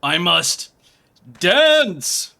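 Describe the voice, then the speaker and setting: A man voicing a pompous, grandiose male inspector from a game, loud and theatrical. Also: big pitch swings, unhurried, exaggerated voice. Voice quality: high, booming, theatrical. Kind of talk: reading game dialogue aloud in voices.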